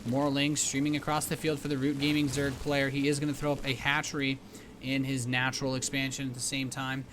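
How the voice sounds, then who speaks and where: A man's voice: mid-range voice, completely flat delivery, a little fast, background noise. A man casting a live match as commentator, chatty and rambling with many fillers and restarts. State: hiccups. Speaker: esports caster.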